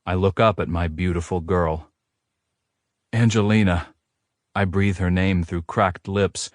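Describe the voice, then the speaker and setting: Low-voiced male audiobook narrator. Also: moderate pace, no room sound, clean studio sound. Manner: steady first-person storytelling. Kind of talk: scripted romance audiobook narration.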